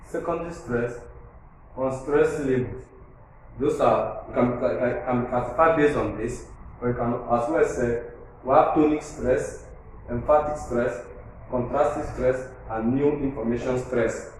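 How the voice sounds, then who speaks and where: A man's voice: mid-range voice, measured pace. A man teaching a lesson, repeating his points and spelling words out letter by letter. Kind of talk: classroom lesson on syllable stress. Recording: very echoey room with faint background noise.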